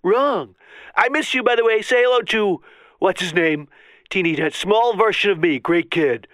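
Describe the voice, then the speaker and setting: A man voicing a boastful, bumbling male president in a comedy radio sketch, rambling with a wildly swooping pitch. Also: normal speed, fairly bright tone, dry recording.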